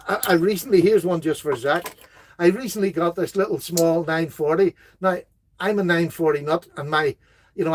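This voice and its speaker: A middle-aged man hosting a casual live stream, chatting enthusiastically and rambling as he reads out viewer comments. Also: on the high side. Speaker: host of a knife live stream.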